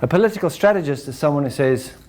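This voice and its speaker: Animated male speaker, "right?" tag. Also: on the high side, quick pace. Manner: animated, acts out examples, ends points with "right?". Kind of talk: lecture to an audience.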